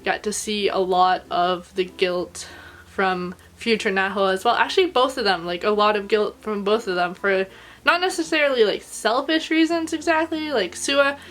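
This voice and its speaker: A woman talks through her review in a loose, gushing way, with "like" dropped into nearly every phrase. Her voice sits in an ordinary middle register but climbs higher when she gets emotional. The delivery is casual and unscripted, like talking to friends. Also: normal speed, a bit bright. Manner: chatty and gushing, heavy use of "like". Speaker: anime reviewer.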